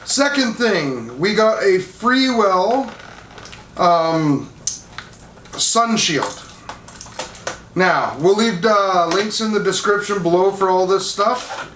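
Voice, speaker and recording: A man's voice: high voice, lively intonation, slow, pauses often, a bit bright. A man chats casually as a hobby channel host, rambling with fillers and restarts. The room is roomy and echoing. Faint background noise sits under him. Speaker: channel host reviewing drone gear. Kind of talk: casual product chat.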